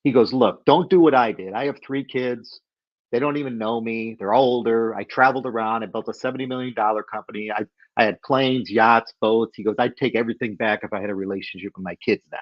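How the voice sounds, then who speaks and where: A middle-aged man telling a story as a podcast guest, animated and acting out the voices of people he quotes. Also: on the low side, fast, no room sound, dull audio.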